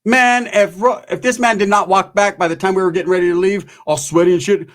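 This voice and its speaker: A man's voice: high-pitched, fairly even intonation, fairly quick, a bit bright. A man casually telling a crude comic story from his own life in street slang.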